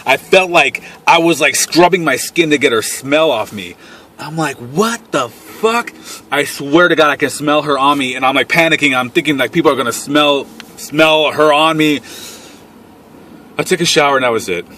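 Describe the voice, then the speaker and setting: A man's voice: a little high, moderate pace, bright, forceful tone, slight background noise. A young man telling a crude personal story straight to camera, blunt and full of swearing. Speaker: vlogger. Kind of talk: casual storytime.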